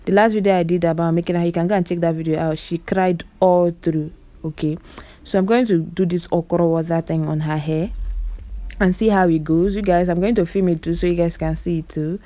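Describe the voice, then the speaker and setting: A woman's voice: on the low side, steady tone, fairly quick, dark tone, dry recording. A woman with a Nigerian Igbo accent giving chatty voice-over commentary on clips, exclaiming often and talking straight to her viewers. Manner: repeats words for emphasis. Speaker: vlogger.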